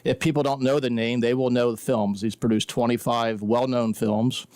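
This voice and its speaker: An earnest male radio guest with a smooth, resonant voice, recorded dry and close. He talks at length and fills pauses with "uh" and "I mean". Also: medium pitch, fairly even intonation, darkish tone, no echo. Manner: earnest, talkative, many fillers. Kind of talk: radio interview.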